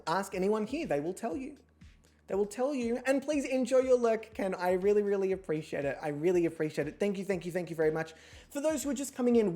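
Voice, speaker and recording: Chatty swearing woman streamer. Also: fairly low pitch. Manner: chatty, swears freely, self-deprecating, bursts into loud excited outbursts. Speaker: streamer hosting an online reality show. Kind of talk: casual livestream chat.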